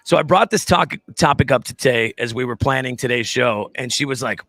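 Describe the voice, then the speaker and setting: Bright-voiced man hosting a chatty show. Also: medium pitch, lively intonation, brisk, no echo. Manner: joking, chatty, reads viewer comments. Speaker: show host. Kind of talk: casual live-stream chat.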